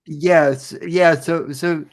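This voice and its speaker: A man hosting a podcast in casual chat, speaking haltingly with lots of restarts and a bemused tone. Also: fairly high pitch, steady tone. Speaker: podcast host.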